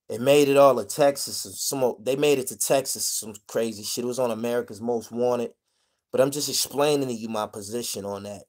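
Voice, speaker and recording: A man from the Pittsburgh area spins a long personal vlog story in thick street slang. He swears freely, rambles, restarts his sentences and keeps tossing "you dig?" at the listener, at an ordinary mid pitch. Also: darkish tone. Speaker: vlogger telling prison stories. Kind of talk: casual storytelling monologue.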